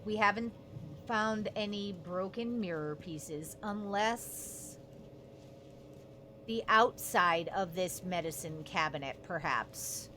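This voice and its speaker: Bright, chatty woman streamer. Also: medium pitch, takes it slowly, slight background noise. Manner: rambling, chatty, self-deprecating. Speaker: game streamer. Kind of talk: casual gameplay commentary.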